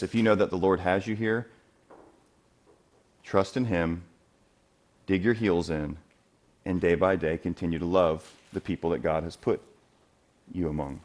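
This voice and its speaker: A man preaching a sermon as the church's elder, conversational and animated, jumping much higher and louder when he acts out quoted speakers, then dropping to a quiet, earnest tone to urge his listeners. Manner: animated, acts out quoted voices with big jumps in pitch and loudness. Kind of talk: expository sermon. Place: church sanctuary.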